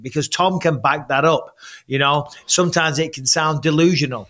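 A man's voice: fairly high pitch, normal speed, pushed and bright. A middle-aged man from England talking bluntly and animatedly in a casual podcast chat, swearing freely as he tells stories. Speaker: podcast guest.

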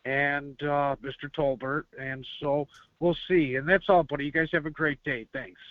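A man's voice: fairly high pitch, steady tone, moderate pace, no echo. A man from Buffalo, New York, calling in to a fan show, chatting in a friendly way and laughing often. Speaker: caller. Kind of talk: phone-in chat. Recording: muffled call-in line.

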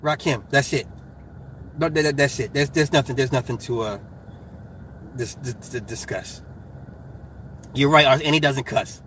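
A middle-aged man in casual chat, animated and profane, getting hyped and laughing as he argues his point. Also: medium pitch, a little slow, pauses often, a little hiss or hum.

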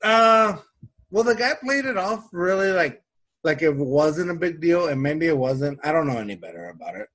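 A man telling a story in casual chat, animated and acting out the people he quotes. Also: on the high side, moderate pace. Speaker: storyteller in a conversation.

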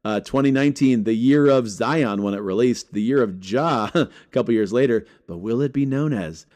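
Energetic man rattling off card tips. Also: mid-range voice, normal speed. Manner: energetic, joking, rattles off names. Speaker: sports card collecting vlogger. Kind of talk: casual talk to camera.

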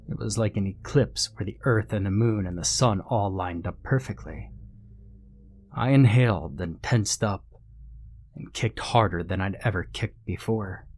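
A man reads a horror story in a measured, suspenseful manner. His voice sits low and he takes his time over each line. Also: a little mellow. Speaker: narrator. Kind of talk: scripted horror story narration.

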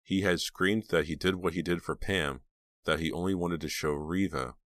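Studio-quality audio with no echo captures a deep-voiced man reading an audiobook. His scripted narration unfolds at a steady, measured storytelling pace.

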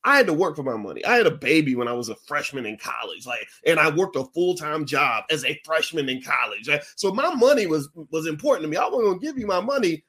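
Casting: blunt, animated man, voice a little high, talks straight to a room and swings from low asides to loud high bursts. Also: fast talker, hardly any pauses, breathy edge. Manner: frank and blunt, with profanity. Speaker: speaker. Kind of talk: talk to an audience.

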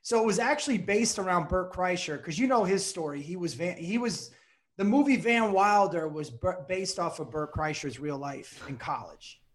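A comedian guest telling an animated story with laughs on a casual podcast. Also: male voice, high-pitched, normal speed.

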